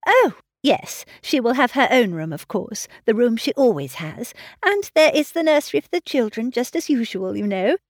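A woman reading the part of a clever, self-assured young lady who brisk-ly reassures her father. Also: a little high, big pitch swings, dry recording, clean studio sound. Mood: reassuring. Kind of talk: audiobook reading of a classic novel.

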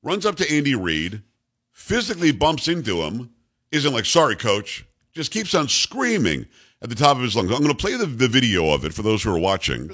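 A man's voice: medium pitch, wildly swooping pitch, a little fast, fairly bright tone, slightly rough. A middle-aged man hosting a talk show, delivering a blunt, emphatic, repetitive opinion monologue. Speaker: radio talk show host. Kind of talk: opinionated monologue on sports news.

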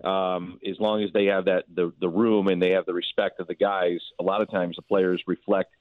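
A man's voice: sits low, level tone, moderate pace, dry recording. A man who works as a baseball broadcaster, chatting as a guest on a sports radio show in a conversational way. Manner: conversational, lots of fillers and restarts. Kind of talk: casual sports radio chat. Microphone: phone. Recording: tinny dry phone line.

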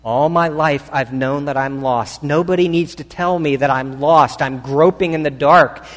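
A man's voice: a little high, normal speed, lightly acted. A male preacher voicing a sophisticated secular woman who speaks hesitantly and earnestly, heard in a reverberant hall. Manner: hesitant, confiding.

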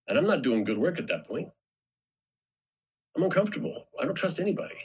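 Very raspy middle-aged man telling stories. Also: fairly high pitch, fast talker, low-quality recording. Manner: animated storyteller, acts out quotes. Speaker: guest actor. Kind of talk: casual podcast chat.

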